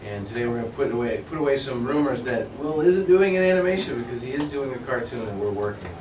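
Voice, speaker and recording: A man's voice: mid-range voice, lively intonation, quick pace, noisy background. A man who co-writes and animates a cartoon, talking about it in an easygoing way with fillers. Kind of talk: casual explanation.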